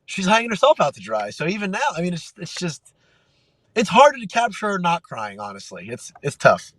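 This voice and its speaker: A man's voice: sits high, a little fast, dry recording. A man in his thirties, a guest on a podcast, telling stories in casual chat with frequent laughter, acting out quotes. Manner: laughing, animated storyteller who acts out quotes. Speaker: podcast guest, MMA fighter.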